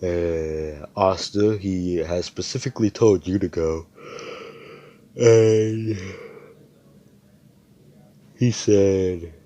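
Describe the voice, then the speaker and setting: Young man, deep mellow voice, tired, loose profane improvised storytelling. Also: drawn-out words, pauses often. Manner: rambling, profane, laid-back. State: tired, yawning. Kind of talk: casual improvised fan-fiction storytelling.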